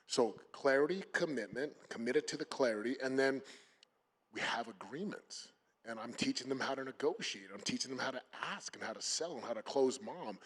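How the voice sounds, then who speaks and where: Male panelist, husky voice, earnest and emphatic, lots of restarts. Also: medium pitch, a bit bright. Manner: emphatic, many fillers and restarts. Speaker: panel speaker. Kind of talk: motivational panel talk.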